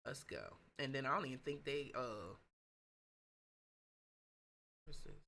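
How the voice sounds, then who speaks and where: Bright-voiced woman hosting a chatty livestream. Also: brisk, gravelly, slight background noise. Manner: chatty, excitable, swings between loud gushing and low asides; reads viewer comments aloud. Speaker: host of a live business stream. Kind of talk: casual livestream chat.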